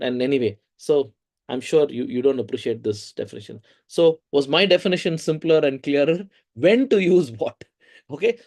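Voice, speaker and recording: A man with an Indian English accent teaching a research methods course in a lively, conversational way, often asking the audience questions. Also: a little high. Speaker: lecturer.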